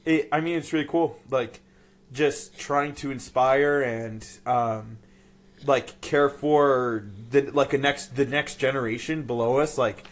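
A man's voice: mid-range voice, fairly even intonation, a little slow. A young man guesting on a friend's podcast, rambling with lots of fillers and dry sarcasm. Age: young adult. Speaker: podcast guest, youth group leader. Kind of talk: casual chat.

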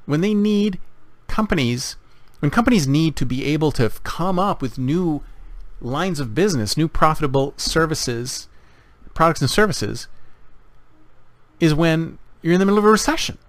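A man's voice: fairly high pitch, expressive, normal speed, dry recording. A man hosting a podcast monologue, speaking emphatically and repeating phrases for effect. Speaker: podcast host.

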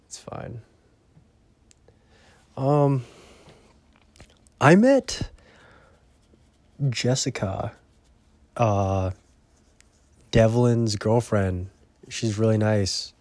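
A young man with a lowish voice talks slowly and loosely, cursing constantly and letting his sentences drift off into quiet mumbles. The sound is dry and close, with no room around it. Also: no echo. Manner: profane, meandering, trails off into mumbles. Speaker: vlogger. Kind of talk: rambling casual monologue.

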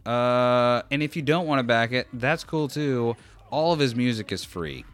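A man's voice: medium pitch, animated, normal speed, fairly bright tone, soft background music. A tired man hosting a solo podcast, rambling in a sarcastic, self-deprecating way on a close mic. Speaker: podcast host.

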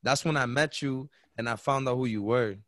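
A man's voice: mid-range voice, normal speed, fairly bright tone, no room sound, studio quality. A man co-hosting a podcast, telling stories in slangy, easygoing casual chat. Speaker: podcast co-host.

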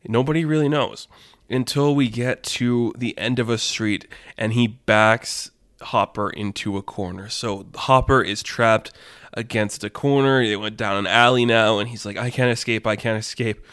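A man hosting a podcast, telling a story in a casual, animated, rambling way with lots of fillers. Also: on the low side, unhurried, clear, resonant tone, no room sound, clean studio sound. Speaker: podcast host.

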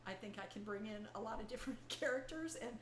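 Relaxed veteran voice actor woman. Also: a little high, quick pace. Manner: relaxed, good-humored, plain-spoken. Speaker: voice actor guest. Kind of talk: casual chat. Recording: echoey room with faint noise.

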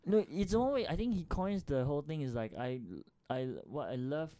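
A man's voice: fairly high pitch, expressive, brisk, mellow. A man with chatting casually as podcast co-host, rambling and laughing, often restarting his sentences. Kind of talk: casual chat.

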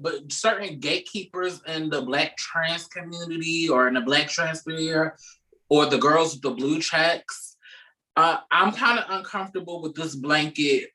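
A man with a bright, slightly high voice gives firm commentary on a podcast, measured and emphatic, hammering points home by repeating them. He is set back from the mic, so the sound is a little distant. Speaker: podcast co-host. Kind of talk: opinionated commentary.

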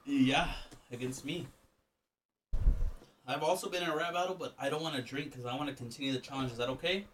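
Loud, bright-voiced young man in pain. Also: medium pitch, brisk, far from the mic, a little hiss or hum. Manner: loud pained exclamations, swearing. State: in pain from hot spice. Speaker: podcast co-host. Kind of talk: casual chat.

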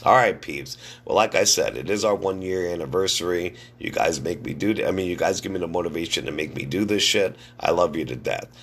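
A hoarse middle-aged man with a gravelly, husky voice, hosting a casual wrestling news podcast in a blunt, profane way. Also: deep voice, fairly quick, hardly any pauses, fairly bright tone. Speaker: podcast host.

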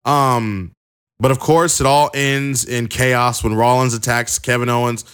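A man's voice: medium pitch, steady tone, measured pace, a bit bright, clear, resonant tone. A young man recapping a wrestling show in a casual, chatty way with plenty of fillers. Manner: chatty, many fillers and restarts.

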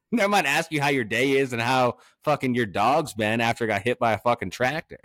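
A man from Massachusetts hosting a podcast, chatting casually and telling profane, animated stories. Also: medium pitch, fairly quick, no echo, clean studio sound. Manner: profane, animated storytelling with frequent laughs. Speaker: podcast host.

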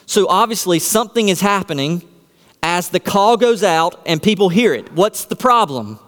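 Pastor guy preaching, kinda high voice, lots of questions he answers himself, big echoey church hall. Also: expressive, normal speed, fairly bright tone. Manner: emphatic, rhetorical questions answered aloud. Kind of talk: sermon.

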